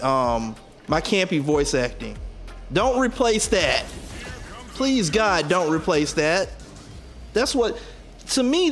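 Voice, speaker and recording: Animated man in laid-back gaming chat. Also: on the high side. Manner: animated, laughs a lot, acts out game lines. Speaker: streaming show co-host.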